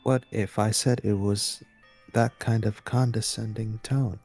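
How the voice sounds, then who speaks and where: A man voicing a calm AI computer program in a video game, reading its lines in a measured, logical way. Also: fairly low pitch, faint music behind. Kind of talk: reading game dialogue aloud.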